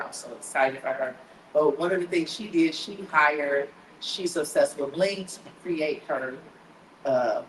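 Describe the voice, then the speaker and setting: A woman hosting a podcast, giving a motivational talk in an animated, preachy way, often acting out people's inner voices. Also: on the low side, slight background noise. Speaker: podcast host. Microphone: live stream setup. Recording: echoey room with faint ambience.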